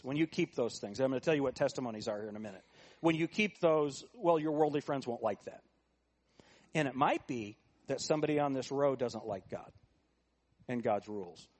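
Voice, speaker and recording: Man, pastor, sermon, rhetorical questions, shifts between soft asides and loud emphasis. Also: on the high side, husky.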